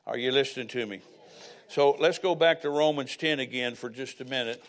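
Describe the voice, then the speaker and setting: An older man preaching a sermon as pastor, telling personal stories with folksy asides. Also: mid-range voice.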